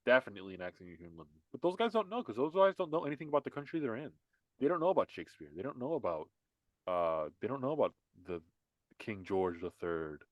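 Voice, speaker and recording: A man's voice: medium pitch, big pitch swings, quick pace, dry recording, muffled recording. Heated, emphatic male podcast host. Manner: heated, emphatic, repeats himself with many restarts. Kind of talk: casual political podcast chat.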